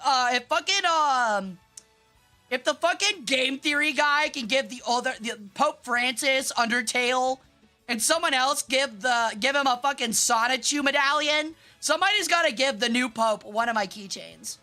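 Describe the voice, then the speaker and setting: A bright, fairly high voice from a young woman from Memphis, chatting loosely on a game stream. She is animated, swears freely and breaks into laughs and shrieks. Music plays softly behind her. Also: moderate pace. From Memphis, US South. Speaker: vtuber streamer. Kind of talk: casual live-stream chat while gaming.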